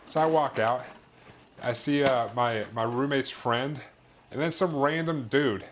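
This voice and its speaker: Cooking at home on a livestream, a man speaks a little slowly in a medium pitch, with some background noise audible. He rambles in relaxed conversation, dropping fillers, restarting thoughts, and swearing casually.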